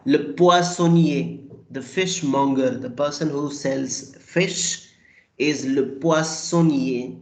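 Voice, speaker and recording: A man teaches a language class at an unhurried, deliberate pace. He patiently repeats each word for his students. His voice rings in a noticeably echoey room. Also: mid-range voice, steady tone, vocal fry. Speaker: French teacher. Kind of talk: online language lesson.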